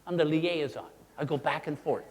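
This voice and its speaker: A man presenting a teaching seminar, who talks in an animated way and acts out his examples in character voices. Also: on the high side, moderate pace, slightly rough. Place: presentation room. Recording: long hall reverb.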